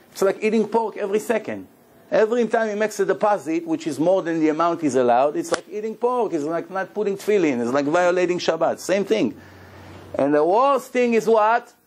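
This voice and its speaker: Animated rabbi giving a lecture. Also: male voice, on the high side. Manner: animated storytelling, acts out dialogue, rhetorical questions. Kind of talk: Torah lecture.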